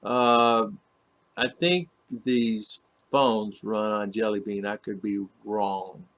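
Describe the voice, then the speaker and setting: A man's voice: on the low side, steady tone, takes it slowly, fairly bright tone. A man hosting a casual livestream, reading viewer comments aloud and rambling through them with many fillers and restarts. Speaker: livestream host reading chat. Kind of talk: casual live chat. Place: home in the Philippines.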